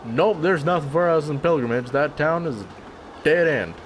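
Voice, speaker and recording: A man's voice: a little high, moderate pace, slight background noise, lightly acted. A man voicing a weary male banjo player with a put-on Southern accent, grumbling in a drawl. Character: weary male banjo player, drifter, bitter about the company town.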